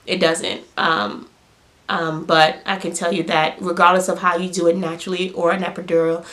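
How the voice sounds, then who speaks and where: A young woman and new mother telling a personal story to camera in a casual, emotional way, close to tears, repeating herself often. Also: on the low side. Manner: emotional, repeats words, many fillers.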